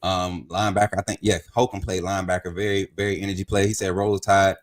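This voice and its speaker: A man hosting a casual sports talk livestream, chatty and energetic as he hypes the audience. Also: deep voice, fast. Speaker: show host.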